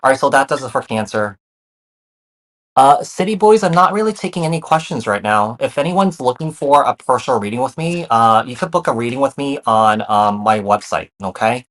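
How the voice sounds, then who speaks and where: A man's voice: medium pitch, animated, a little fast, fairly bright tone. Guy doing a laid-back tarot reading, talks straight to the viewer, repeats stuff a lot, lots of fillers. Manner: repeats phrases, many fillers, reassuring. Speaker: tarot reader.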